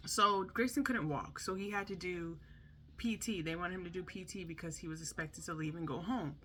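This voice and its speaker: A woman's voice: lowish voice, normal speed, a little hiss or hum. A young woman telling a candid storytime about her son's hospital stay, talking chattily and acting out the people she quotes. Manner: chatty, animated, acts out quotes.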